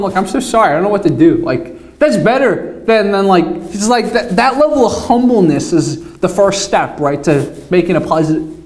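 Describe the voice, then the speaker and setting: High-voiced young man telling a rambling story. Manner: rambling, swearing, self-mocking. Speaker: vlogger. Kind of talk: casual storytelling vlog. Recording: echoey room.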